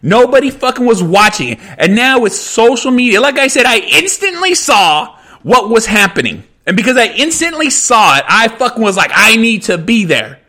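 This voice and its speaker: Fiery, profane man ranting high and bright. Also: sing-song, normal speed. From United States. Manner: heated, repetitive, swearing, restarts mid-sentence. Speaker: podcast host. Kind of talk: angry profane rant.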